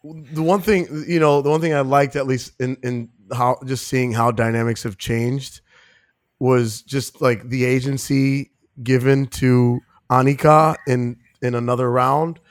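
A man's voice: medium pitch, fairly even intonation, measured pace, dry recording, clean studio sound. A man co-hosting a film podcast, talking casually and rambling with lots of fillers. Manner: rambling with many "you know" fillers. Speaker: podcast co-host.

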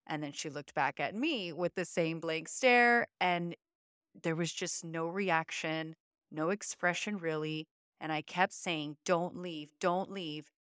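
A woman's voice: sits low, a little slow, a bit bright, clean tone, no room sound, clean studio sound. A woman podcast co-host telling a personal story in an earnest, emotional, conversational way. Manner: earnest, emotional, uses many fillers.

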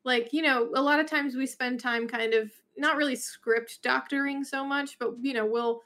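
A woman's voice: high voice, steady tone, normal speed, a bit bright. A woman co-hosting a casual podcast chat, rambling and thinking aloud with many restarts. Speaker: podcast co-host.

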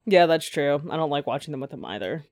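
A woman's voice: deep voice, expressive, fast talker, a little mellow, no echo, clean studio sound. A young woman co-hosting a podcast, chatting casually, swearing and sharing trivia. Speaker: podcast co-host. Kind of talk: casual chat. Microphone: close mic.

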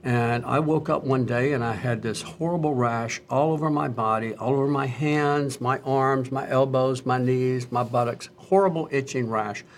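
Middle-aged guy doc telling stories, lively, does little voices for people. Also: medium pitch, moderate pace, hardly any pauses, a little hiss or hum. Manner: animated storyteller, acts out quoted voices. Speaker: doctor, co-host. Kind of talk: casual conversational storytelling.

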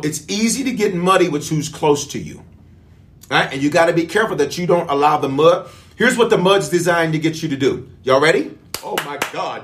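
A man preaching as bishop in a livestreamed sermon, calling out to his listeners and repeating lines for emphasis. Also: fairly high pitch.

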